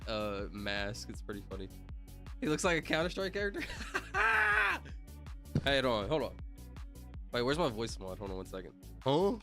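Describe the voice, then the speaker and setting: A young man livestreaming, chatting loosely with his chat, reading out names and laughing loudly. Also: medium pitch. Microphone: headset mic.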